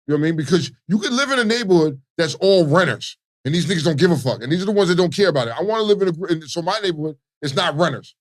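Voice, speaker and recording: A man's voice: on the high side, expressive, rapid-fire, few pauses. A Baltimore man co-hosting a morning radio show, chatting casually and profanely, often asking "you know what I mean.". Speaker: radio co-host.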